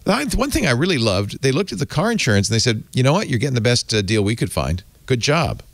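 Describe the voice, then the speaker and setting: Animated male podcast host, dry sound. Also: medium pitch, quick pace, no echo. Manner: chatty, animated, rambling with restarts. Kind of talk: casual tech podcast chat and live ad read.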